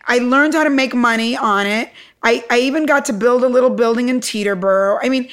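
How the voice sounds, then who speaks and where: Middle-aged woman guest from Cuba, fairly high voice, animated anecdote teller who acts out quotes. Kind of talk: lively anecdotal storytelling.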